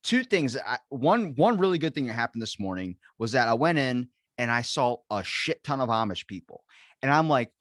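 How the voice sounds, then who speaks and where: A young man from the East Coast hosts a casual podcast chat and tells long, meandering stories peppered with swearing. He acts out the people in his stories, and his pitch swings widely as he goes. The recording is close and dry. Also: very animated, moderate pace, a bit bright, no room sound. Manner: rambling storyteller, swears a lot, acts out quoted voices. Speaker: podcast host.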